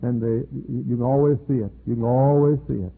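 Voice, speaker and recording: An older man preaching a sermon as pastor, telling folksy stories and jumping high in pitch when he acts out other people's words, on an old archival tape. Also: steady tone, brisk, creaky, phone-quality sound. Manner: folksy storytelling preacher, acts out quoted voices with sudden high pitch jumps.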